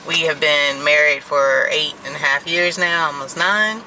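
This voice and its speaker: A woman's voice: sits low, steady tone, bright, forceful tone, slight background noise, poor audio. A woman, co-hosting a casual chat from a parked car, laughing and teasing. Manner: laughing, teasing, quick to correct. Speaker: co-host, wife.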